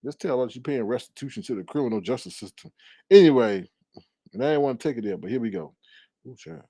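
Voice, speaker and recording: A man hosting casual reaction commentary, teasing and animated, breaking into laughs and drawn-out exclamations. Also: medium pitch, no room sound. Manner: drawn-out exclamations like "Lord have mercy". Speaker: commentary channel host.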